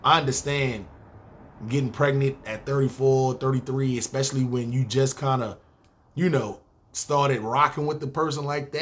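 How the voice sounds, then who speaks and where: A New York-accented man in his thirties recounts stories on a podcast, loose and conversational. He talks in street slang and swears freely. His voice sits at an ordinary middle pitch. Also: steady tone, moderate pace, fairly bright tone. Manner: laid-back street slang, profane. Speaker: podcast host. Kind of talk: casual storytelling.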